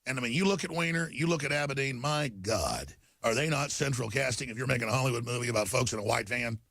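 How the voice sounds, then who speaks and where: A man's voice: mid-range voice, fast, creaky, fairly bright tone, dry recording. A man hosting a talk show, ranting emphatically through news headlines and stumbling over repeated words. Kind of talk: talk radio monologue reading headlines.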